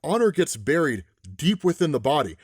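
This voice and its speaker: A man's voice: fairly high pitch, very animated, normal speed, breathy edge, no room sound, clean studio sound. A man voicing a frightened male bounty hunter who pleads nervously for his life. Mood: pleading.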